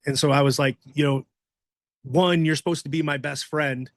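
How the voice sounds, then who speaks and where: A man's voice: a little high, fairly even intonation, normal speed, no room sound, studio quality. A man, a former wrestler and podcast guest, telling rambling, profane stories in casual chat. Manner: profane, rambling, acts out quoted voices. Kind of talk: casual storytelling.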